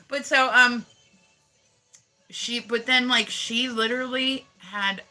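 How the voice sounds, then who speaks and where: A man's voice: extremely high pitch, steady tone, takes it slowly, long pauses, bright, forceful tone, soft background music. A man from the United States chatting casually on a livestream, rambling and swearing, with "like" in nearly every sentence. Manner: rambling, profane, heavy use of "like". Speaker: live streamer.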